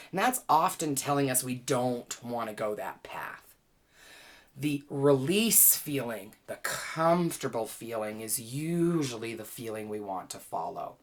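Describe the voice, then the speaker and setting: A woman teaching a well-being class, gently and playfully guiding listeners through calming exercises with easy laughs. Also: very deep voice. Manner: playful, chatty, laughs easily. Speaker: wellness teacher and author.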